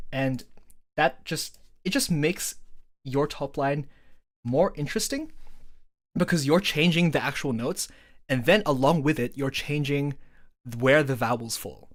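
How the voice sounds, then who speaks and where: A woman's voice: rumbling low, animated, a little slow. Brief: woman songwriter, livestream breakdown, eager, lots of "like" and "um", hums bits of melody. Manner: enthusiastic, filler-heavy, sings vowel patterns to demonstrate. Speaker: songwriter explaining her song. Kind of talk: casual breakdown stream.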